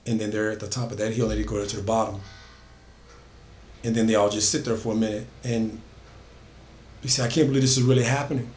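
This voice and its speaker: A man's voice: fairly low pitch, level tone, a little fast, pauses often, a little mellow, slight background noise. A man casually telling an original horror story, building emphasis by repeating phrases. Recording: echoey room.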